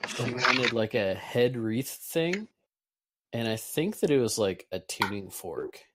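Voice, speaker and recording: A man narrating a tabletop role-playing session as its game master. His voice sits at an ordinary middle pitch, and he talks in a relaxed, halting way, pausing on fillers as he sets the scene. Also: background noise.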